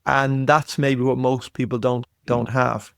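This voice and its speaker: A man in his fifties, a podcast guest, telling a story in an animated way and often repeating words as he goes. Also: mid-range voice, measured pace, creaky, clean tone, no room sound, studio quality. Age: 50s. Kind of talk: storytelling in conversation.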